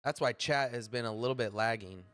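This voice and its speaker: A man's voice: medium pitch, brisk, a bit bright, dry recording, soft background music. A man hosting a casual livestream, rambling to chat while sorting out stream lag. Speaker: livestream host.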